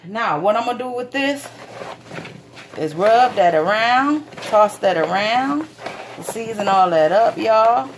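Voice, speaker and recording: A woman's voice: medium pitch, background noise. A woman giving a casual cooking demonstration in her home kitchen, chatting folksily with her viewers and swearing now and then.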